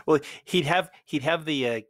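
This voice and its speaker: A man hosting a podcast, chatting casually and telling anecdotes in an animated way. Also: on the high side, dry recording, clean studio sound. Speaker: podcast host. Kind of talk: casual interview chat.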